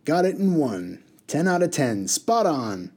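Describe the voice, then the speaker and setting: A man's voice: a little high, sing-song, unhurried, darkish tone, slightly rough, voice pushed up, heavily acted. A man putting on a brash, slangy water genie. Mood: boastful. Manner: boastful and teasing, rattles off slang phrases. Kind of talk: storybook read-aloud.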